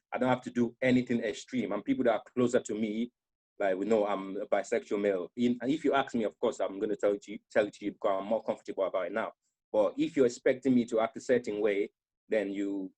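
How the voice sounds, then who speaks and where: A young man shares his own story on a panel. His voice sits on the low side, and he speaks earnestly, often stopping to restart his sentences. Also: a little mellow. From Nigeria. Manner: earnest and halting, with many restarts. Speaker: panel guest.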